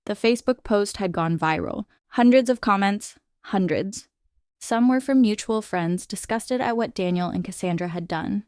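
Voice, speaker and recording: Smooth, crisp woman narrating a story. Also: medium pitch, moderate pace, a little mellow, dry recording, clean studio sound. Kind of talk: scripted first-person story narration.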